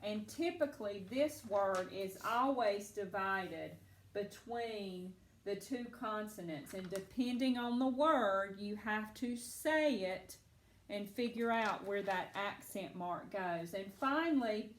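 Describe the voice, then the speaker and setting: Slow, patient woman teacher in echoey room. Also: mid-range voice, slight background noise. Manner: patient, encouraging, talks children through steps. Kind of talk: recorded phonics lesson.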